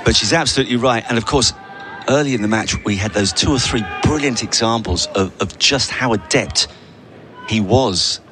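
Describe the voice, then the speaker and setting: A man giving tennis analysis as co-commentator on a headset, dry and wry, with halting restarts. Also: medium pitch, music in the background. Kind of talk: live sports commentary.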